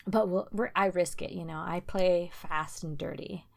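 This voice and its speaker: A woman's voice: on the low side, normal speed, creaky. A young woman co-hosting a podcast, chatting casually and rambling with fillers, laughing often. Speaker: podcast co-host. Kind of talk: casual chat.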